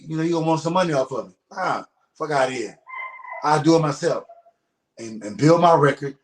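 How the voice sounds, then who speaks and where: A retired professional boxer, appearing as an interview guest, talks in casual conversation with a voice on the high side. He's blunt, emphatic and swears often, and the echoey room carries slight background noise.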